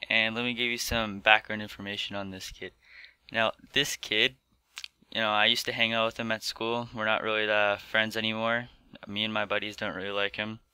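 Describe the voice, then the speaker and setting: Rambling teen guy, very bright clear voice. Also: on the low side, no echo. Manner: rambling, filler-heavy with many "like"s. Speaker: vlogger. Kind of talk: storytime commentary.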